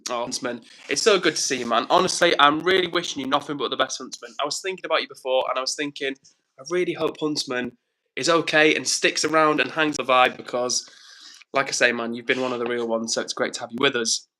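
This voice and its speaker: Young male streamer, upbeat and chatty, slightly breathless, bright voice. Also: medium pitch, fairly even intonation, quick pace, rough recording. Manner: upbeat, greets viewers by name. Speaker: livestream host. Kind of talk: live stream chat, reading comments.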